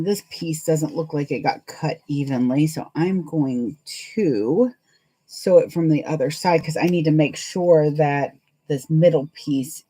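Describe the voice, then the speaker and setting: Casting: a chatty woman with a slightly low voice, rambling and laughing often as she sews live. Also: dark tone, rough recording. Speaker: sewing livestream host. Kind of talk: casual chat while sewing live.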